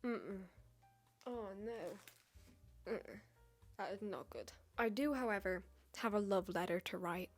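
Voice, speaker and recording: A baker from the United Kingdom with an English accent chats in a casual vlog filmed at home on a tripod camera, joking and poking fun at herself with chatty asides. Her mid-range voice is lively in intonation but slow, with long pauses and faint music behind.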